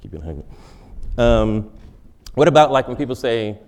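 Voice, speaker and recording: A man's voice: medium pitch, very animated, moderate pace, darkish tone. A male comedian giving a wry comic lecture in a large forum, interviewing himself and laughing at his own jokes.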